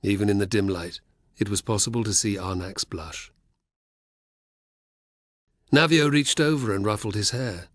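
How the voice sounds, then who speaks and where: A man narrating an audiobook in a measured, even way. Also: lowish voice, no room sound, studio quality. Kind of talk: scripted narration.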